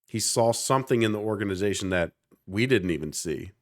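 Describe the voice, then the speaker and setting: A man in his thirties co-hosts a podcast in a lowish voice. He talks in an earnest, animated way and builds his points with conviction. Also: fairly quick. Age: 30s. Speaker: podcast co-host. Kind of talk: casual chat.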